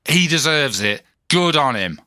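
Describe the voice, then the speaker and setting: A man's voice: a little high, lively intonation, measured pace, bright, forceful tone, dry recording. A man hosting a solo podcast, rambling in a chatty, self-deprecating way full of asides and restarts. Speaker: podcast host.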